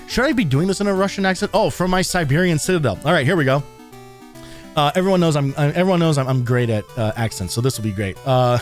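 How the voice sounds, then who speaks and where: A man's voice: medium pitch, very animated, fairly quick, faint music behind. A young man streaming a retro game, giving casual, sarcastic commentary and laughing often as he reads the manual. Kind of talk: casual let's-play commentary.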